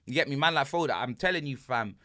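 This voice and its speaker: A man's voice: mid-range voice, expressive, quick pace, sharp tone, no room sound, studio quality. A man hosting a casual sports podcast, ranting animatedly in heavy street slang. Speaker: podcast host.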